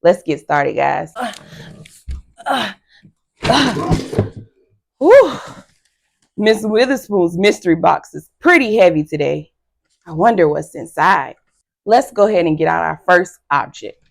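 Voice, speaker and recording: A woman teacher giving a phonics lesson to young children, slow and encouraging with frequent praise. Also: on the low side, animated, creaky.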